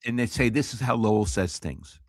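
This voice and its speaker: An eighty-year-old man with a low voice talks sports with blunt, swearing candor. His pitch swings widely as he grumbles and jokes. The sound is dry and close. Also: animated, a little fast, dry recording. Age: 80s. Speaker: co-host, veteran sportswriter. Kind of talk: casual sports talk.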